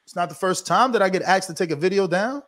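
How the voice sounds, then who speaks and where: A man as a guest in a casual interview, talking in a measured, insistent way full of rhetorical questions. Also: sits high, a bit bright.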